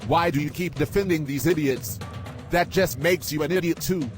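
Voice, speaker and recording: A man's voice: a little high, normal speed, lightly acted. A man voicing a bossy, hot-tempered young guy. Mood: furious. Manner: shouting insults, then earnest apologies. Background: music.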